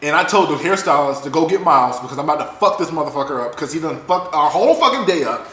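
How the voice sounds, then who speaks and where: A man on a casual podcast, telling a long story in an animated, profane, fast-talking way. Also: on the high side, echoey room. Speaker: podcast co-host.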